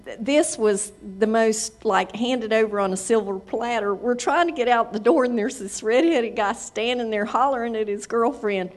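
A woman's voice: fairly high pitch, normal speed, hardly any pauses. A woman telling a church testimony in a chatty, casual way, laughing as she talks. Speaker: church member sharing a testimony.

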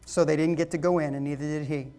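A man's voice: a little high, steady tone, quick pace, mellow, a little hiss or hum. A man preaching a sermon, emphatic and calling the congregation folks.

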